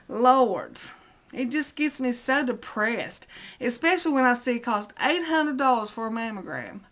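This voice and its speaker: A woman in middle age, her voice sitting a little high. She talks straight to her vlog audience in a loose, rambling rant. She sounds exasperated and circles back to repeat her points. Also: sing-song, moderate pace, fairly bright tone. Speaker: vlogger. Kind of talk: casual rant to camera.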